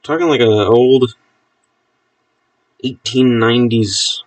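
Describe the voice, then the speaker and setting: A man's voice: medium pitch, a little slow, pauses often, no room sound, recorded from a distance. A man chatting casually on a live stream, amused, talking to his pet snake as he handles it.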